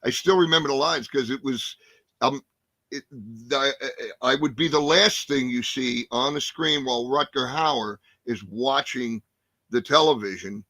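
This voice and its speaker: A man in his sixties, a guest actor telling animated, profane stories in a casual interview. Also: medium pitch, a little slow, dry recording. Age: 60s. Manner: animated, profane, acts out scenes.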